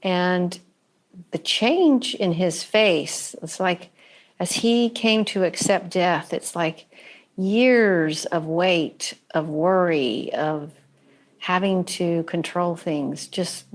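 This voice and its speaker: A woman religious scholar speaking as a guest, thoughtful and halting as she searches for words. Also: lowish voice. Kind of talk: reflective conversation.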